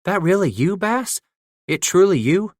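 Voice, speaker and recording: An earnest young fur trapper, as a narrator puts him on, urgent and pleading in frontier dialect. The voice is pushed well above the teller's own pitch and recorded dry and close. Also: male voice, big pitch swings, unhurried, dry recording, heavily acted. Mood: astonished.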